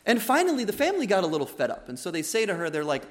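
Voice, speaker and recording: A man's voice: high voice, huge pitch swings, rapid-fire, few pauses. A man preaching a wedding sermon as the officiating minister, earnest and emphatic, often repeating his key phrases. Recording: long hall reverb.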